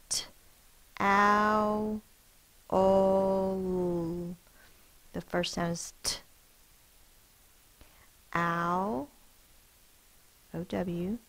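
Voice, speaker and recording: A woman teacher walks her class through spelling words, sounding out each letter with careful emphasis. Her voice is low and gravelly, and she speaks at a very unhurried pace. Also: a bit bright, rough recording.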